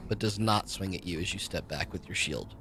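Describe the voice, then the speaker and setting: A man running a tabletop game as game master, narrating monsters and rules in a quick, chatty way. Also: deep voice, background noise.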